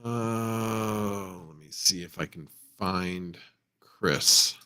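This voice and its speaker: A man hosting a casual livestream, thinking out loud and reading viewer comments as he goes. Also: low-pitched, very slow, smooth. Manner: rambling, reads chat aloud, thinks out loud. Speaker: livestream host.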